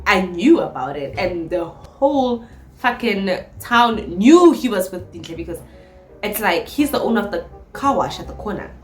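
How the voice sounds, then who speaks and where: A young South African woman vlogging a storytime in an animated, dramatic way, with plenty of swearing. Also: fairly low pitch, echoey room. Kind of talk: storytime vlog.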